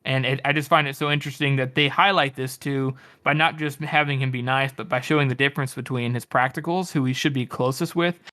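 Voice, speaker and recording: Man, podcast co-host, thoughtful, analytical, middle pitch. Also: fairly even intonation, fairly quick, hardly any pauses, bright, forceful tone. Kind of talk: casual book discussion.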